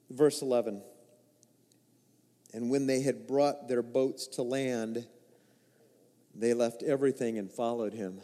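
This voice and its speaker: A man preaching a sermon, swinging between loud emphatic lines and quiet low asides, and acting out the quoted lines in other voices. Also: measured pace, long pauses. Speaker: pastor. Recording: reverberant hall.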